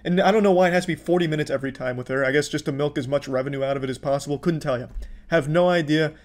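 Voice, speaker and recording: A commentary YouTuber, this man mocks what he has watched with sarcastic, exasperated remarks and plenty of swearing. His voice is fairly high and he talks very fast.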